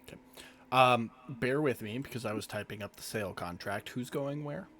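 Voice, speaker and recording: Calm man running a tabletop game. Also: mid-range voice, normal speed. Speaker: game master.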